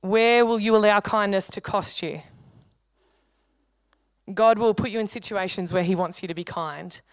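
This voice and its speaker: Woman pastor, smooth clear voice, dry close sound, chatty joking sermon delivery. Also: mid-range voice, dry recording. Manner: conversational, humorous preaching with quick asides. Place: church hall.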